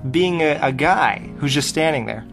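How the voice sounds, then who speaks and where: A woman co-hosts a casual interview podcast, chatty and quick to laugh. Her voice is very low for a woman, yet it swings widely in pitch. Faint music plays in the background. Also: expressive. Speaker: podcast co-host.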